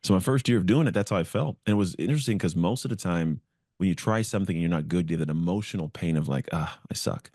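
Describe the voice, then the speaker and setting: Deep, mellow-voiced man telling his story. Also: very fast, no room sound, studio quality. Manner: earnest, reflective, acts out inner voices. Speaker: podcast guest. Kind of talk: storytelling interview.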